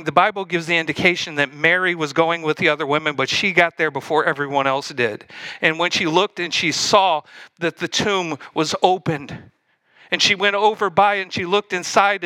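A male preacher tells a story from the pulpit with animated, conversational energy and turns to the congregation with questions. His voice sits a little high and sounds bright and forceful. It comes across close and dry, with almost no echo. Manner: animated, speaks straight to the congregation. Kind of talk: sermon storytelling.

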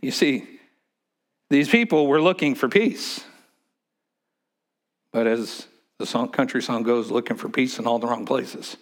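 A man's voice: mid-range voice, animated, slow, pauses often. Emphatic male preacher, dynamic delivery. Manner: emphatic preaching, swinging from loud to hushed. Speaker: pastor. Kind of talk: sermon.

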